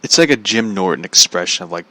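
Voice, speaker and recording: Low-ish guy rambling on his podcast, bright tone, lots of "like", bouncy up and down. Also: lively intonation, slight background noise. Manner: rambling, halting, full of "like" fillers and chuckles. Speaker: podcast host. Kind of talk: casual chat.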